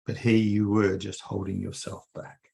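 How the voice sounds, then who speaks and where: Gravelly-voiced man guiding a healing meditation. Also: on the low side, level tone, normal speed, a little mellow. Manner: soothing, repetitive coaxing with many fillers. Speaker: energy healer leading a group session.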